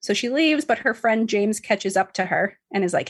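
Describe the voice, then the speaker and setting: A woman's voice: mid-range voice, expressive, normal speed, few pauses, breathy edge. A woman casually recapping a story to a co-host, chatty, full of fillers and swearing. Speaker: podcast host recapping a book. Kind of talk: casual chat.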